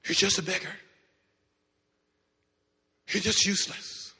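A man's voice: high-pitched, fairly even intonation, takes it slowly, sharp tone, breathy edge, exaggerated voice. A man voicing harsh crowd voices scolding a beggar. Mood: scornful. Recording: reverberant hall.

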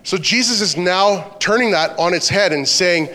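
A man's voice: high voice, normal speed, hardly any pauses, pushed and bright. Man preaching in a reverberant hall. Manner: earnest preaching, reading scripture aloud. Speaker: pastor. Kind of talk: sermon.

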